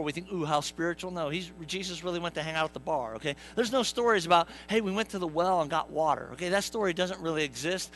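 A man's voice: sits high, fairly bright tone, rough recording. A male pastor preaching a sermon in a church, conversational and joking, talking to the congregation and acting out quotes in playful voices. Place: church sanctuary.

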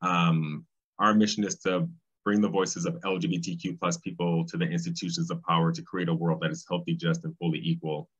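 A man, speaking as a guest in an interview, thoughtful and pausing often with ums. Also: low voice, flat delivery, breathy edge. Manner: thoughtful, with frequent ums and restarts. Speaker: guest, civil rights state director. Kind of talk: casual interview conversation. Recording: slightly dull, lo-fi sound.

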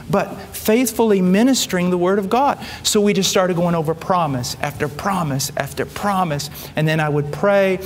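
A man preaching, telling a story and quoting others in lively acted voices. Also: high-pitched. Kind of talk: sermon storytelling. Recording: hall reverb, faint background noise.

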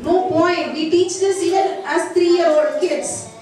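A woman's voice: very high voice, takes it slowly, a little mellow. A woman teacher, talking to a class of children and often checking that they understand. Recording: echoey room, mic far from speaker.

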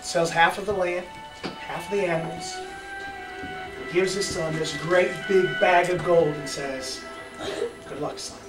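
Male kids' church teacher, animated storyteller, fairly high voice, far from the mic in an echoey room with music under it. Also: measured pace, pauses often. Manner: lively, playful, chatty, asks the audience questions. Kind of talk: animated storytelling lesson with volunteers. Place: large room with kids, music playing.

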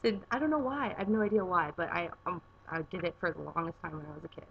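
Young woman rambling on a vlog in her garage, gravelly, dull lo-fi sound, faint hiss. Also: lowish voice, quick pace, few pauses, fairly bright tone. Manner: rambling, chatty, with filler words. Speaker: vlogger. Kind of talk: casual vlog chat. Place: home garage.

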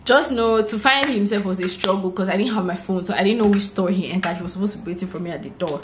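A woman's voice: mid-range voice, quick pace. A young woman in her twenties with a Nigerian accent, vlogging and telling a story casually, acting out what people said. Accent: Nigerian English. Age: 20s. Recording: roomy echo, faint background hiss.

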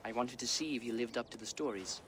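An actor playing a defiant, sarcastic young Viking prince. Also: male voice, medium pitch, quick pace, a bit bright, a little hiss or hum, natural voice. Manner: sarcastic, insolent.

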